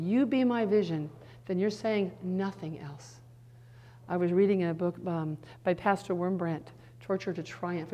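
Animated middle-aged woman teaching the Bible. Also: mid-range voice. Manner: animated, swings from soft to emphatic, quick asides.

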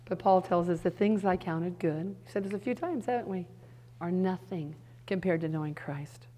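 A middle-aged woman giving an earnest sermon-style teaching, now and then dropping into soft hushed asides. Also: fairly low pitch, moderate pace, a little hiss or hum.

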